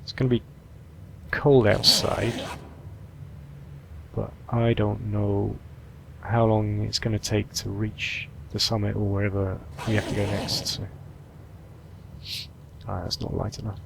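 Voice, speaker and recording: A man with a low, gravelly voice narrates his gameplay in a relaxed, chatty way, thinking aloud about supplies and plans. Game ambience sits clearly behind his voice the whole time. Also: a little slow, pauses often, background noise. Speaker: gameplay commentator. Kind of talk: relaxed let's-play commentary.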